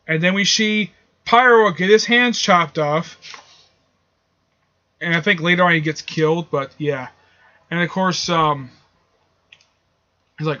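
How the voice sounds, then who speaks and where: A man reviews a comic book issue casually and ramblingly, with frequent fillers and restarts. His voice is on the high side, pushed and bright, and the dull lo-fi recording carries a little hiss or hum.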